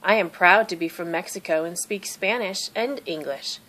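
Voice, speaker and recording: A woman voicing an eighty-year-old great-aunt, gentle, proud and wise, speaking tenderly and earnestly in a storybook reading. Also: fairly low pitch, moderate pace.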